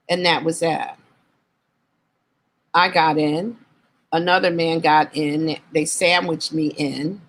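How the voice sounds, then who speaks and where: A woman guest on an interview show, candidly recounting her life in an earnest, reflective way and slowing down on painful memories. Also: low-pitched, fairly even intonation, poor audio. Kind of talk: candid personal storytelling.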